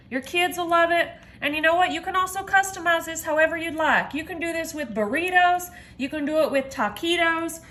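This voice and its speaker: A woman's voice: high voice, bright, forceful tone. A mother and home cook chatting casually to viewers while she makes a dinner, upbeat and talkative, calling them y'all. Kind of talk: casual cooking video chat.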